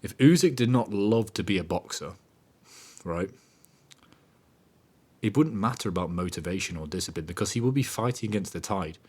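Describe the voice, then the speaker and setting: A man hosting a podcast, talking in a casual motivational monologue that is animated and emphatic, swearing freely. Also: low-pitched, moderate pace, pauses often, breathy edge. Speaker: podcast host.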